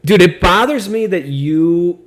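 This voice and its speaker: A man's voice: high-pitched, lively intonation, unhurried. Teasing man hosting a comedy podcast. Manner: teasing, wisecracking. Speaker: podcast host. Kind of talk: casual comedy podcast banter.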